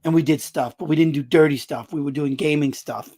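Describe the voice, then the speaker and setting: A man hosting his own live stream, talking loudly and joking as he answers viewers' comments. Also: fairly high pitch, a little fast. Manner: loud, animated, jokey, answers chat comments aloud. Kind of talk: casual live-stream chat.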